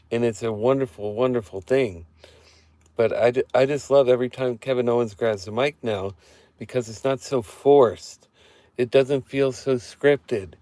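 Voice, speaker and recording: A man giving an excited, profane recap on a casual live stream, repeating himself as he talks into a handheld phone. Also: medium pitch, dry recording. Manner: excited, profane fan rambling with repeated phrases. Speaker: wrestling show reviewer. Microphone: phone held in hand.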